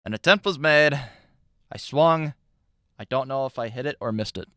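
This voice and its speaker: A man in his thirties hosts a live stream, reacting in loose, profane casual chat. His voice is bright and crisp. The sound is close and dry. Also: medium pitch, normal speed, dry recording. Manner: loose, profane, chatty asides. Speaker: streamer host.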